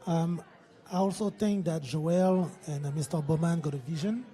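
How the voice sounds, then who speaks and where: A man's voice: fairly high pitch, moderate pace, warm tone. A French-accented man, a filmmaker, speaking hesitantly in an interview. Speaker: filmmaker guest. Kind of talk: casual interview.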